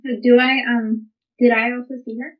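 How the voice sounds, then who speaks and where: A woman plays a tabletop game, eagerly asking questions about the scene. Her voice sits a little high, and her audio is dull and lo-fi. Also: flat delivery, moderate pace. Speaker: player. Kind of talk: casual tabletop game chat. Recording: dull lo-fi recording.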